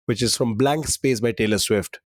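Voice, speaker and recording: A man's voice: medium pitch, moderate pace, dry recording, clean studio sound. A man co-hosting a podcast quiz in casual banter, teasing and laughing often.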